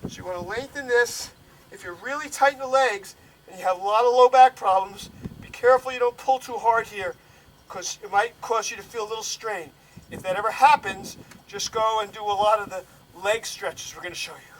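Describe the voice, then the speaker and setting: A man guiding a stretching routine step by step, calm and instructive, a little out of breath. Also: high-pitched, fairly quick, recorded from a distance, a little hiss or hum, low-quality recording. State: slightly out of breath. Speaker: bodywork instructor.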